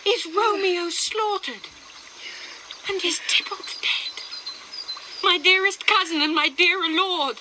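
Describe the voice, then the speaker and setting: A woman reading the part of young Juliet, a torn teenage bride, declaiming Shakespeare verse in a slow, deliberate way. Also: extremely high pitch, background noise. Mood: distraught. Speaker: reader of Shakespeare lines.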